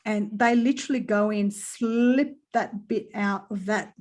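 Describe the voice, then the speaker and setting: An Australian woman in casual spiritual conversation, telling a personal story in an animated way, swearing and laughing often. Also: mid-range voice, a little slow.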